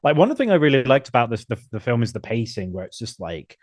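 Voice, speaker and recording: A man's voice: mid-range voice, sing-song, quick pace, a little mellow, no room sound, clean studio sound. A man hosting a casual film podcast, talking enthusiastically and now and then acting out lines in funny voices. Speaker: podcast host.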